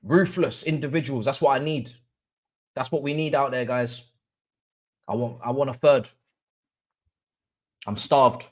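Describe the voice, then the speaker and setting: Excitable young man streaming football. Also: medium pitch, unhurried, pauses often. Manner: excitable, swings from murmurs to hype chants. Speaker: livestream host. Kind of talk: live football watch-along chat.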